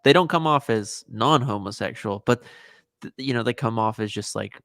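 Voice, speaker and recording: A man co-hosting a podcast in casual, animated chat, getting louder and higher as he gets excited. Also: normal speed, no room sound. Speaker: podcast co-host.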